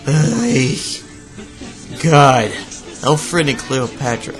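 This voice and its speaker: A man's voice: medium pitch, extremely slow, faint music behind. A man giving sarcastic, profane reaction commentary on a video, ranting at what he sees. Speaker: video reviewer.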